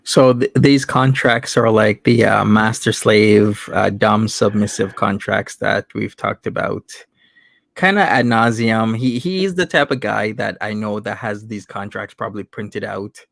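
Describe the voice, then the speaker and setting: A man's voice: fairly low pitch, a little slow, creaky, a bit bright, no echo. A man hosting a live commentary show, reacting bluntly and wryly to a played clip. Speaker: show host.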